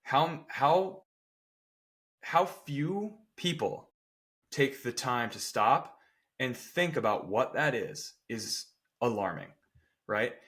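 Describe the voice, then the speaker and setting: A man's voice: medium pitch, lively intonation, takes it slowly, a bit bright. Emphatic male coach, podcast chat. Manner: emphatic, keeps checking in with "right?"; acts out people's quotes with playful voices. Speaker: strength coach and podcast co-host.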